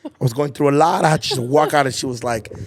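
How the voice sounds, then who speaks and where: This young male podcast host has a mid-range voice and a quick pace, with slight background noise. He tells school stories in a casual chat full of slang and swearing, animatedly acting out the people he quotes.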